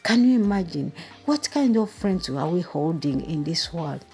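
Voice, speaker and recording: A woman with a low, mellow voice retells the episodes of a drama series and reacts to them. She talks straight to her viewers in an animated, emotional way, as a review channel host. Soft music plays faintly behind her. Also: moderate pace, husky.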